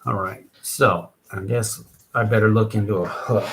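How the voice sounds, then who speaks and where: Gravelly man musing aloud over lyrics. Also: on the low side, steady tone. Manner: musing, talks to himself in halting bursts. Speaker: rapper writing lyrics. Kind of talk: thinking aloud while songwriting. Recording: roomy echo, faint background noise.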